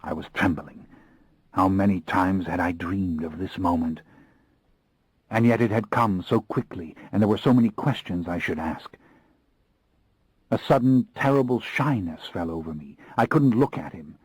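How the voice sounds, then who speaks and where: A man's voice: low-pitched, moderate pace, darkish tone, breathy edge, dry recording, poor audio. A man narrating an audiobook in the first person, with an intense, brooding reading into a close studio mic.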